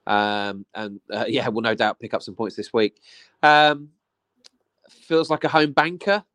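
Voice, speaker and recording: A man's voice: mid-range voice, a little slow, a bit bright, no echo. A man hosting a podcast, easygoing and teasing in casual chat. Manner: easygoing, teasing, laid-back.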